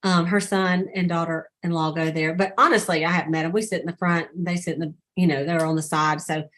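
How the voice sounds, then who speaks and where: A woman's voice: on the low side, steady tone, fairly quick, a bit bright. A woman hosting a casual team call on a video call, chatty and telling stories with quoted dialogue. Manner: chatty storyteller who acts out quoted dialogue.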